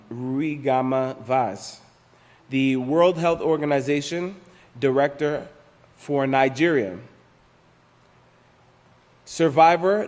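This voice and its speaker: A man reading out a news report to a religious class and explaining it, halting and repeating himself with many fillers. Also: medium pitch, darkish tone. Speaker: class teacher. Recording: reverberant hall, voice at times off-mic.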